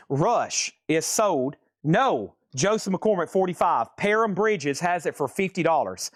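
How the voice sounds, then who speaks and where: A man's voice: high voice, sing-song, dry recording, studio quality. A man hosting a live online record sale, rattling off grades and prices and joking with viewers between lots. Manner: jokey, rapid price calls. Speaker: live auction host.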